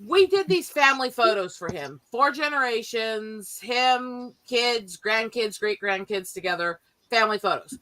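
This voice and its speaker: A woman telling family stories in a casual chat, animated and profane, often laughing as she talks. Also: a little high, unhurried, few pauses, low-quality recording.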